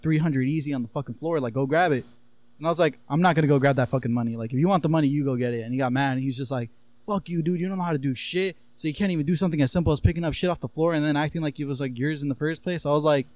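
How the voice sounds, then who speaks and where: Fast-talking young man telling stories. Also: fairly high pitch, a little mellow, dry recording. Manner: profane, laughing storyteller who acts out quotes. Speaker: podcast co-host. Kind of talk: casual storytelling chat.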